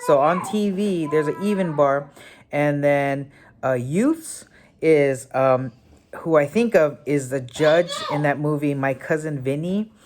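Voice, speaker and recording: Talk as a woman with a very deep voice giving a casual spoken tutorial, thinking aloud with lots of fillers and correcting yourself as you go. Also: slow, noisy background. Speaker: memory technique tutor.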